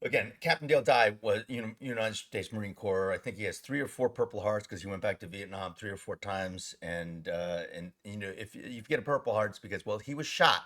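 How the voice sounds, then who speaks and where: Fast-talking, animated middle-aged man. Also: on the low side. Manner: animated, swearing freely, tangents. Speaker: actor and interview guest. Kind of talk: casual interview storytelling.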